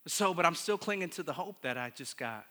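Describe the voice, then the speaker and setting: A man preaching a sermon built on his own testimony, telling it in bursts with many restarts, moving between hushed retelling and emphatic preaching. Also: fairly high pitch, lively intonation, brisk. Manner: storytelling, with many restarts and repeated words. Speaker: pastor. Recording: long hall reverb.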